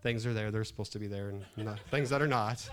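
A man's voice: lowish voice, brisk, slight background noise. Chuckling man telling a sermon story. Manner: laughing often, animated storyteller. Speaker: pastor.

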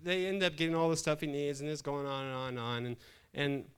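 A man's voice: fairly high pitch, fast talker, smooth. A middle-aged man, a pastor, telling a funny story from the pulpit with frequent laughs. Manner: laughing often, animated storyteller. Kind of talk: humorous sermon storytelling.

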